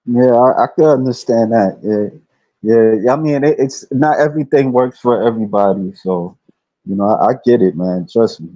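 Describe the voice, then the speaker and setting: Hesitant man with a dark, dull sound. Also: mid-range voice, normal speed, dry recording. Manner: hesitant, many fillers. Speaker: interviewer. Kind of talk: casual interview.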